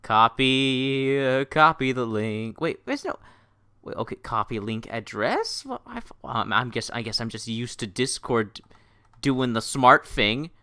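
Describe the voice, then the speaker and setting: Giggly, lively male stream host. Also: medium pitch, measured pace, clean tone, no echo, studio quality. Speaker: livestream host. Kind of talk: unplanned casual livestream chat.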